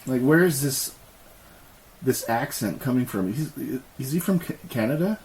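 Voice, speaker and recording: A man's voice: mid-range voice, lively intonation, darkish tone, a little hiss or hum, low-quality recording. A man co-hosting a podcast in casual chat, laughing often and swearing as he riffs. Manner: laughing, profane, quick agreeing replies. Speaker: podcast co-host.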